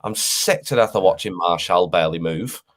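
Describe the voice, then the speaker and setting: A man on a football fan panel rants in exasperation and swears freely. His voice sits a little low. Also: moderate pace, fairly bright tone. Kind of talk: casual fan panel chat.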